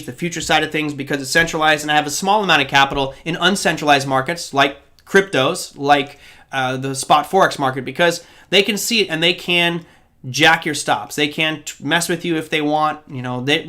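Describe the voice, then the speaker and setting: A man's voice: fairly high pitch, pushed and bright. A man hosting a live trading show, answering viewer questions in a chatty, rambling way with asides to the chat. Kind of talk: live-stream Q&A.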